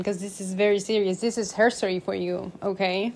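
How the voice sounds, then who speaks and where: A woman's voice: medium pitch, steady tone, brisk, background noise. Woman telling a mock-serious made-up history. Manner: dramatic, playfully over-serious, breaks into laughter. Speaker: vlogger.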